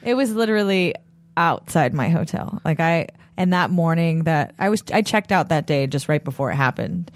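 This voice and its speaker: A relaxed co-host chats on a podcast in an easygoing, mid-pitched voice. The talk is loose and full of laughs as the stories unfold. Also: moderate pace. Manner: chatty storyteller, relaxed, laughing easily. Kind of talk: casual chat.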